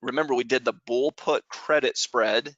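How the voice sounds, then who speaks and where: A man co-hosting a trading show, calmly explaining options strategy. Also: medium pitch, normal speed, no room sound, dull audio. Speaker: co-host, trading instructor.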